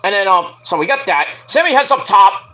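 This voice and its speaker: A high, lively male voice that swoops all over its range, with a bright, tense edge. He rambles through a wrestling recap, swearing freely and bursting into yelped impressions of the people involved. The delivery is loose and unscripted. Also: fairly quick. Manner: profane, rambling, acts out quotes with yelps. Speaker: wrestling review host. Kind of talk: casual solo review.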